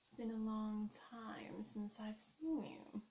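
In a rough recording with slight background noise, a woman with a mellow mid-range voice plays a seductive, scheming plant villainess for a whispered YouTube role-play. Her coaxing is slow and hypnotic, and she flirts, teases and blows kisses.

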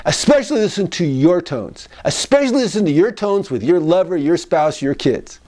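A man's voice: fairly high pitch, animated, normal speed, warm tone. A man speaking as a psychologist in a casual advice monologue. He repeats key phrases and acts out tones of voice as he goes.

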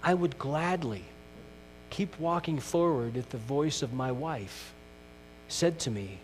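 A middle-aged male pastor preaching a sermon, earnest, moving from loud emphasis to hushed questions. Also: medium pitch, expressive, unhurried. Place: church sanctuary. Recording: distant mic in a reverberant church with mains hum.

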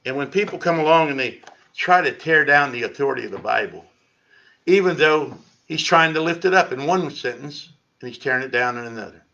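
A man's voice: on the high side, expressive, brisk, gravelly, pushed and bright. A man preaching a sermon as pastor in his church, talking in a conversational way with sarcastic asides. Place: church sanctuary. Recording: lo-fi livestream audio.

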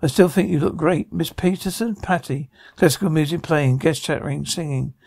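A man's voice: on the high side, moderate pace, gravelly, darkish tone, no room sound, studio quality. A man reading every part of a drama aloud, sound cues included, with slips and restarts. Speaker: radio show reader voicing a TV drama.

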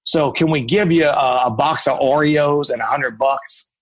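A man, a guest author and speaker from Ohio, telling lively anecdotes in a podcast interview. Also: medium pitch, a little slow, rough recording. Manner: animated anecdotes with quoted voices.

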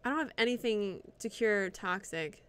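A woman streaming live gameplay, swearing and reacting out loud to the game and chatting with viewers. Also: medium pitch, lively intonation, moderate pace, smooth. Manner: profane, reactive, talks to the game and chat.

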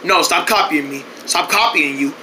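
Brief: man, homemade cartoon voice acting, high, very bright and piercing, yelps and shouts. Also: normal speed, slight background noise. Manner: switching between exaggerated character voices, yelping and shouting. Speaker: cartoon voice actor.

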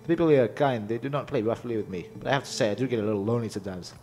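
Lonely runaway cuckoo bird from a game, read aloud by a man, plain, mid-pitched. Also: rapid-fire, a little mellow, slight background noise, natural voice. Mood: wistful. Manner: plain reading of in-game dialogue.

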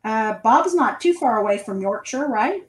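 A woman's voice: on the high side, expressive, normal speed, husky. A woman co-hosting a casual craft livestream, chiming in with short questions and brief replies. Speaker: livestream co-host. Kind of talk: casual chat.

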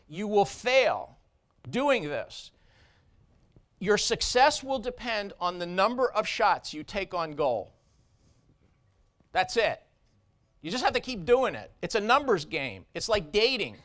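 A man's voice: high voice, big pitch swings, slow pace, long pauses, a bit bright. A man who is a surgeon giving a conference keynote speech, blunt and emphatic, driving points home with short repeated phrases.

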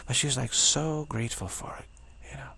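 Gravelly husky man, halting and rambling. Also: mid-range voice, steady tone, sharp tone. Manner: rambling, repeats himself, halting restarts. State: sore throat. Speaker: spiritual teacher. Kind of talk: casual spoken reflection.

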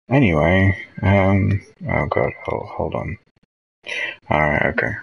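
A young man winds down a late-night stream in a slow, halting ramble. His voice is deep, gravelly and a little husky. He pauses often and reads viewer messages out loud. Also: rough recording. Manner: rambling, hesitant, reading chat messages aloud. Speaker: livestream host.

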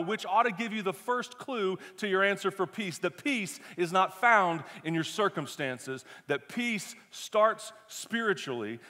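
Pastor guy preaching, chatty and emphatic, kinda high voice, big reverb from the church hall. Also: a bit bright. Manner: conversational and emphatic, with self-deprecating humor. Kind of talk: sermon.

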